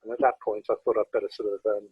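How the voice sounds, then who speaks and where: A man with a southern English accent, giving a relaxed, anecdotal photography talk with frequent hesitations over a video call. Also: fairly low pitch, fast, husky, dry recording, phone-quality sound. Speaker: guest speaker presenting photography. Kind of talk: informal illustrated talk.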